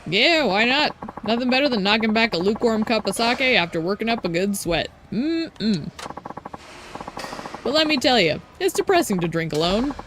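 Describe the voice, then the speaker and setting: A woman's voice: a little high, animated, moderate pace, background noise, close to an everyday voice. A woman reading aloud as a drunken, folksy former baseball ace, brash and full of old-timey slang. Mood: boisterous.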